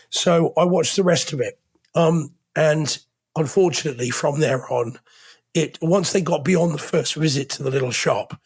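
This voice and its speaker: This is an Englishman with a slightly high voice, co-hosting a casual chat show. His tone has a gravelly, husky edge, and he tells stories with a teasing streak. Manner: chatty storyteller, teasing. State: has a cough. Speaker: podcast co-host.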